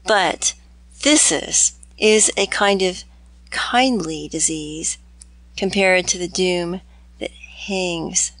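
A woman's voice: fairly low pitch, fairly bright tone, no room sound. A woman reading aloud as a tormented young man in a storybook, grave and melancholy. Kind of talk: audiobook reading.

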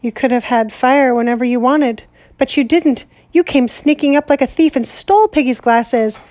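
A boy leader speaks firmly and insistently, standing his ground, as a woman reads him. The voice sits fairly high and is recorded close and dry. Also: normal speed, darkish tone, no echo, natural voice. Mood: indignant. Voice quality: firm, insistent delivery. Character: stubborn boy leader, earnest and indignant.

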